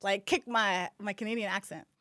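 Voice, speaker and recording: A woman's voice: medium pitch, normal speed, no echo, studio quality. A young American woman chatting casually as a guest, telling stories with lots of restarts and "like". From United States. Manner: animated storytelling with many restarts and "like". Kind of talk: casual chat.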